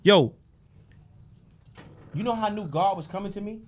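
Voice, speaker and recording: A man as a podcast guest, telling stories and preaching about faith in a loud, animated, profane way. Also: sits high, moderate pace, slight background noise. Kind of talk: casual podcast conversation.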